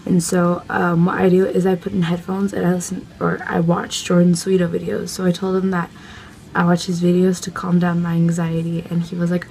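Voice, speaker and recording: A young woman vlogger excitedly telling a casual story, gushing and full of fillers. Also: lowish voice, brisk, gravelly.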